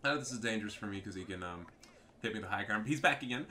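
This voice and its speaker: A man's voice: fairly low pitch, quick pace, pushed and bright. A man giving profane, trash-talking commentary over a strategy game match. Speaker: gameplay commentator.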